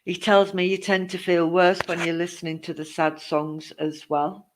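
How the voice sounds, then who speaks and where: A man's voice: high voice, flat delivery, normal speed, a little hiss or hum. A man giving a live-streamed psychic reading, reassuring the viewer with endearments and greeting others as they join. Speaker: psychic medium.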